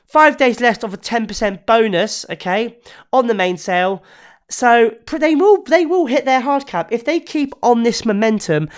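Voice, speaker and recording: A YouTuber talking casually through a crypto project review, with many fillers, restarts and self-corrections, and bouts of hiccups. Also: male voice, high-pitched, clear, resonant tone. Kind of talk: casual spoken review to camera.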